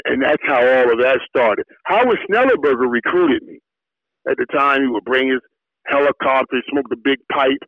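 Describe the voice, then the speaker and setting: A middle-aged man from Miami, a former football player, telling animated stories in an interview with repeated words when excited. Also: mid-range voice, no room sound. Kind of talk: storytelling interview. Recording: tinny phone-like dry line.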